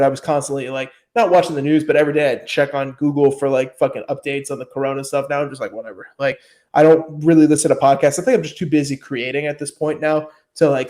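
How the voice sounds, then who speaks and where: A man's voice: medium pitch, warm tone. A man chatting casually on a podcast, rambling with lots of fillers and frequent swearing. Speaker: podcast host. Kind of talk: casual chat.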